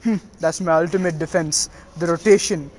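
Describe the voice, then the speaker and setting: A man's voice: fairly high pitch, steady tone, moderate pace, darkish tone, a little hiss or hum, close to an everyday voice. A man voicing a proud, touchy teenage boy ninja who snaps back in a haughty way, in a fan-made story. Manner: haughty, snappish.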